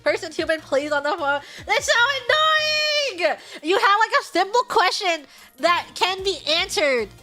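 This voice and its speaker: High, bright, animated woman streamer. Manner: animated, exasperated storytelling with shouted outbursts. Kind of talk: casual stream chat, storytelling.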